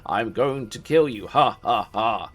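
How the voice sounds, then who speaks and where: A man's voice: on the low side, expressive, unhurried, a bit bright. A man voicing a mechanical vampire lord automaton that cackles and taunts. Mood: taunting.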